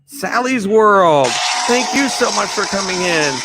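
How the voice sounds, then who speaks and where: A man's voice: high voice, expressive, unhurried, few pauses, very noisy. A man hosting a live stream, greeting viewers by name in an upbeat, chatty way and laughing often. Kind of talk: casual live stream shout-outs.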